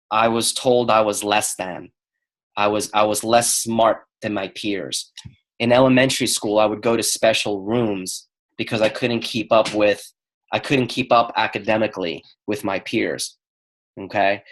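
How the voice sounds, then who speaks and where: A middle-aged man telling a personal story on a call, acting out the lines of the people in it. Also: fairly low pitch. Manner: animated storyteller acting out quoted dialogue. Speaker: speaker on a call.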